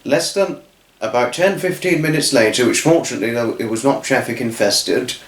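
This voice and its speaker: A man telling a children's story off the cuff, halting and restarting his words. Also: medium pitch, reverberant. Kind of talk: improvised storytelling.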